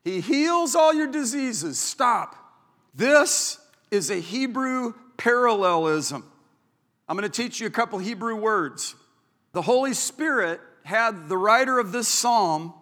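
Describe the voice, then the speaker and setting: A male pastor delivers an emphatic sermon in a high, bright voice. He stretches out key words to press them home. His voice rings with the long reverb of a large church hall. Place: church auditorium.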